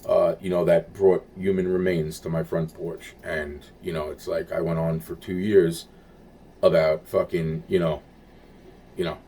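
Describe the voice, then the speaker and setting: A man's voice: deep voice, level tone, a little slow, dark tone, a little hiss or hum. A man talking in a rambling, repetitive monologue, swearing and searching for words.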